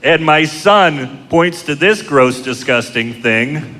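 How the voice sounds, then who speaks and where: Middle-aged male stand-up, crude and deadpan, bright edgy tone, live club with a long hall echo and a faint crowd. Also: a little high, slow. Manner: deadpan, crude, self-mocking storytelling. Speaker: stand-up comedian. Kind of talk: stand-up comedy set. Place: comedy club stage. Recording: live club show, long hall reverb, audience noise. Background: audience laughter.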